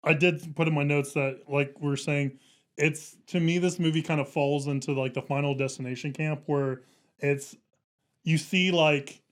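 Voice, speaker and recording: Easygoing guy cohosting a movie podcast, a bit high voice, lots of yeahs and chuckles. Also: fairly even intonation, normal speed. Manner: easygoing, frequent short agreements and chuckles. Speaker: podcast co-host. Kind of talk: casual movie discussion.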